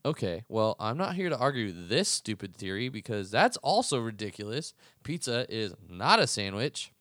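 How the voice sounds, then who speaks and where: A man's voice: lowish voice, big pitch swings, moderate pace, fairly bright tone, no room sound, studio quality. A young man hosting a podcast, arguing heatedly and profanely in a casual ranting monologue. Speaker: podcast host.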